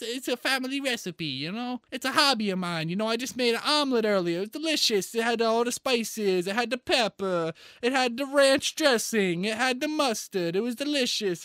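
A man's voice: very high-pitched, lively intonation, fairly quick, fairly bright tone, clear, resonant tone, no echo, studio quality. A man playing a boastful, rambling male Italian chef in a put-on Italian-American accent, chatting on video call. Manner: rambles through food lists, pleased with himself. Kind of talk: comedic character improv on video chat.

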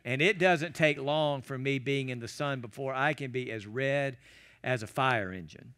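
A man preaching a sermon as a guest pastor, animated and acting out quoted prayers and shouts. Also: mid-range voice, smooth. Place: church.

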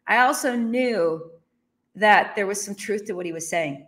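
A woman's voice: on the high side, expressive, normal speed, fairly bright tone. A woman in her thirties or forties telling a personal business story as a motivational speaker, acting out her own reactions with laughs.

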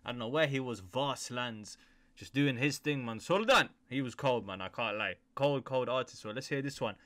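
A man's voice: medium pitch, normal speed, fairly bright tone. A young man, hosting a music reaction video in upbeat, slangy casual commentary that addresses viewers directly. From United Kingdom. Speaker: YouTube reaction host.

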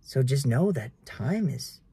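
A man's voice: medium pitch, very animated, a little slow, mellow, slightly rough. Earnest young man preaching to camera. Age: 20s. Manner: earnest, keeps addressing viewers as guys. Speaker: realtor vlogger.

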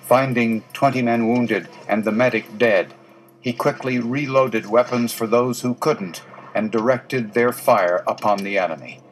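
A man giving scripted documentary narration in a steady storytelling tone. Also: mid-range voice, a little slow, rough recording.

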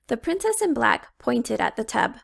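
A woman reading a children's storybook aloud, slow and expressive. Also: a little high, gravelly. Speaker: children's book reader.

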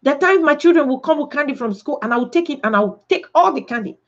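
High-voiced woman preaching emphatically. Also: lively intonation, fast. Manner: emphatic preaching with rhetorical questions and acted-out quotes. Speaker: pastor. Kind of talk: sermon. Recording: dull lo-fi recording.

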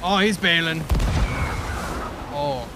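A man's voice: fairly high pitch, takes it slowly, noisy background. A man streaming a pirate game with friends, teasing his crew and swearing freely in casual chat. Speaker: streamer, ship captain in game.

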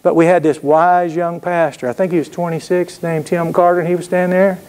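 A man preaching with a drawl, his voice sitting a little high for a man. He spins homespun stories and keeps checking in with the congregation. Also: flat delivery, fairly quick, darkish tone. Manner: folksy storytelling with call-and-response asides. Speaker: pastor. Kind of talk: sermon.

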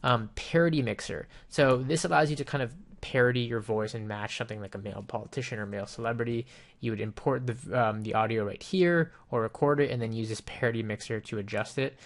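A man casually demonstrating a program on screen, explaining each step in a relaxed way with frequent ums and you-knows. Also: mid-range voice, fast talker. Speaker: software reviewer. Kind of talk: casual screen-recorded software walkthrough. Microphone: desktop microphone with headphones.

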